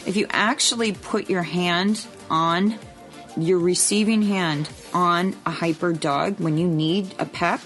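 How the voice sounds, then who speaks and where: A woman's voice: fairly low pitch, fairly even intonation, takes it slowly, a bit bright, soft background music. A woman co-hosting a podcast in casual chat, explaining earnestly with frank asides. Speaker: podcast co-host.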